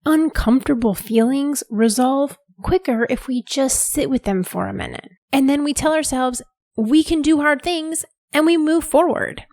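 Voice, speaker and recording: A woman's voice: high-pitched, moderate pace, hardly any pauses, a little mellow, no echo, studio quality. A woman in her thirties hosting a podcast, talking candidly and casually with plenty of "like" fillers. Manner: candid and chatty, many "like" fillers. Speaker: podcast host.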